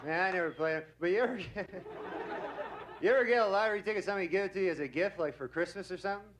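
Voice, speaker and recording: High-voiced deadpan young male comedian. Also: a little hiss or hum. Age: young adult. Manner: deadpan, rambling, drawn-out delivery. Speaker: stand-up comedian. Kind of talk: stand-up comedy set. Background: audience laughter.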